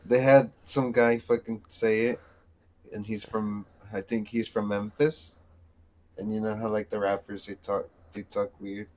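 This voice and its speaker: Laid back podcast guy, kinda low voice, talks slow. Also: level tone, darkish tone. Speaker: podcast co-host. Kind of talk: casual chat.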